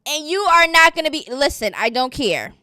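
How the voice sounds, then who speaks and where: A woman runs through casual gossip commentary in a fairly high voice, blunt and mocking as she sizes people up. The sound is dry and close-miked, with no room echo. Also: big pitch swings, normal speed, bright, forceful tone.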